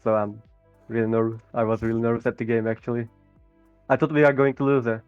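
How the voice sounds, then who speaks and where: A male player answering post-game questions in a halting, hesitant way, often restarting his sentences. He comes through a thin, tinny call line with no room echo at all. Faint music sits underneath. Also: mid-range voice, level tone, darkish tone, smooth. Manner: halting, hesitant, repeats words. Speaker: pro player being interviewed.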